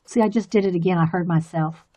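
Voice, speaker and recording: A woman's voice: lowish voice, fairly even intonation, fast talker, mellow. A woman chatting in a rambling, easygoing way and laughing often while she colors on a live stream. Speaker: artist streaming a coloring demo. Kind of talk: casual chat while drawing.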